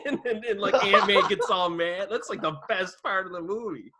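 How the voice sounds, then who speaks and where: A man with a fairly high, bright voice hosts a casual film podcast. He talks with enthusiasm, cracks jokes and slips in quick asides. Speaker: podcast host. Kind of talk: casual movie discussion.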